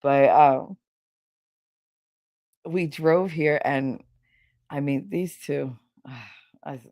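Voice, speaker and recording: Host: low, gravelly woman, blunt and profane, chatty storyteller, dry close sound. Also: drawn-out words, dark tone, no room sound. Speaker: podcast host. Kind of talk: casual storytelling chat.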